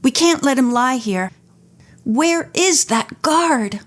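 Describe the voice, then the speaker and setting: A woman's voice: high voice, lively intonation, slow, pitched above the performer's own voice. A woman voicing a self-possessed young woman detective who speaks firmly and decisively. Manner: firm, decisive.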